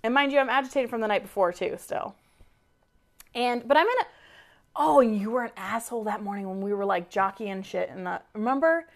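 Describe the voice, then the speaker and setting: A woman's voice: a little high, a little fast. A woman co-hosting a podcast, telling a story in casual chat, exasperated, swearing freely and acting out quoted lines. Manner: animated, acts out quoted dialogue, swears freely; exasperated venting. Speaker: podcast co-host.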